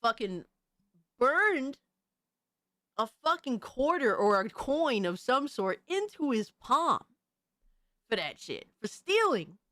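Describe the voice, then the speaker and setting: A woman hosting a casual livestream, talking to her chat in a profane, animated, slangy way. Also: sits high, takes it slowly, long pauses, no echo, clean studio sound. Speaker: livestream host reading chat.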